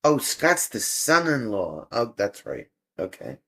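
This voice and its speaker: Slow and sing-song, this man's mid-range voice has a fairly bright tone. He hosts a relaxed livestream, chatting with viewers, reading out their comments and laughing softly a lot.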